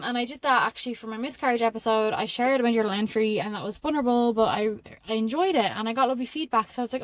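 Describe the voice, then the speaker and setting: A young Irish woman hosting a podcast, telling spiritual stories in an excitable, rambling way with frequent laughs. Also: fairly high pitch, quick pace, no room sound. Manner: excitable and rambling, laughs often, many fillers. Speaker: podcast host. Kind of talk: casual spiritual storytelling monologue.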